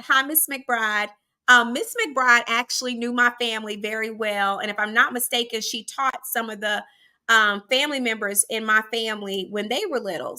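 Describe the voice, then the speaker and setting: A woman from Arkansas chats through a personal story as host, talking straight to her audience. Her voice sits high and comes across bright and forceful. She keeps it lively and casual. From Arkansas, USA. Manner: chatty and animated, often addressing listeners directly.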